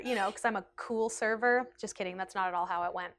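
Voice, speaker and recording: A young woman telling a restaurant story in a chatty storytime vlog, animated and peppered with "like". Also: fairly high pitch, normal speed, clean tone. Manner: chatty and animated, heavy use of like. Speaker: vlogger. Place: indoors, seated in a rotating chair.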